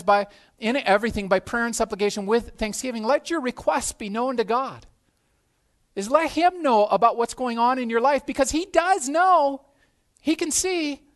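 A male pastor preaching a sermon in a conversational way, often repeating words and acting out little scenes. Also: very high-pitched.

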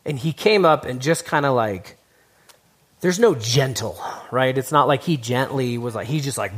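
A man's voice: medium pitch, expressive, moderate pace, fairly bright tone. A man casually introducing a sermon video to a congregation, with lots of fillers. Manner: casual, filler-heavy, conversational. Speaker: worship leader introducing a video.

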